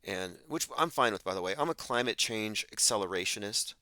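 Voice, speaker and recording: A man with a lowish, sharp-edged voice holds forth in a podcast monologue. He sounds emphatic and sardonic, and he mocks the people he quotes. The sound is dry and close, with no room around it. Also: animated, brisk, dry recording. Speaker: podcast host. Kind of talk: monologue commentary.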